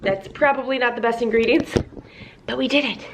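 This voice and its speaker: A woman's voice: fairly high pitch, brisk. A woman in a casual vlog chat, rambling and laughing often, talking about shopping and dog treats. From Texas. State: pregnant. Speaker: vlogger. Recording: noisy home video.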